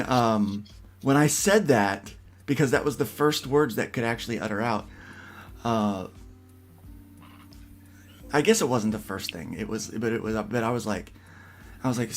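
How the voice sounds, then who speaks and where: Gravelly low-voiced man telling a story. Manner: rambling storyteller with restarts. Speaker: podcast host. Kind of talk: casual livestream chat.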